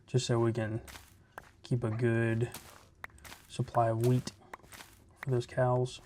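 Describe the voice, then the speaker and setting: A relaxed man talks through his gameplay in an easy, chatty way, as if keeping a friend company. His voice sits at an average pitch, and he muses aloud between tasks. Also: slow pace, a little hiss or hum. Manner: laid-back, chatty, thinking aloud. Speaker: Minecraft let's play host. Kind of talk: casual gameplay commentary.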